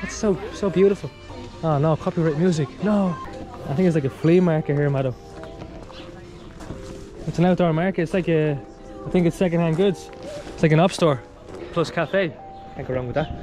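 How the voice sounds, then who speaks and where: Chatty guy vlogging while he walks down a street, kinda high voice, faint music behind. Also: normal speed, pauses often. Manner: chatty, upbeat, talks to viewers as guys. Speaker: travel vlogger. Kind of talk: casual walking vlog. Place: outdoors on a town street with passing traffic.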